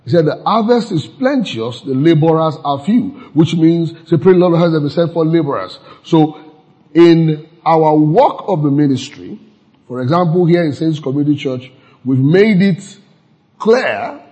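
A man's voice: on the high side, lively intonation, a little slow, mellow, highs cut off. An older man with a Nigerian accent preaching a sermon to his church, emphatic, repeating key phrases and laughing at his own jokes. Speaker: pastor. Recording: reverberant church hall.

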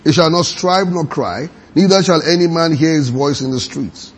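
A man preaching a sermon, reading scripture aloud slowly and quizzing his congregation with repeated questions. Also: on the high side, slightly rough.

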